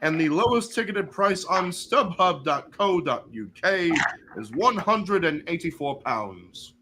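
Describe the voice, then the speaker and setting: A man's voice: a little high, expressive, unhurried, background noise. A man co-hosting a casual football picks show, joking around and teasing his co-host. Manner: jokey, puts on playful British phrases. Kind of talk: casual sports picks chat.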